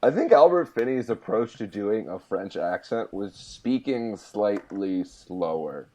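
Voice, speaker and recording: A man talking as a podcast guest in casual chat, excitable and jumping high in pitch when he jokes. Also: moderate pace.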